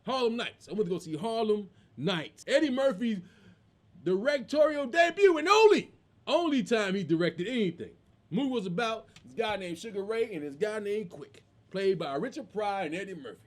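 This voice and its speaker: A man's voice: high voice, moderate pace. A man in his forties, a comedian hosting his own show in a casual, slangy monologue. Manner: animated, slangy, tosses in "man".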